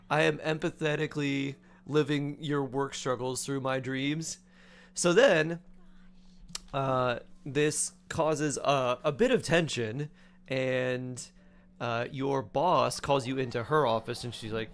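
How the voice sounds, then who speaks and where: A man streaming, casually retelling a dream in a chatty, animated way with many fillers. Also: mid-range voice, takes it slowly.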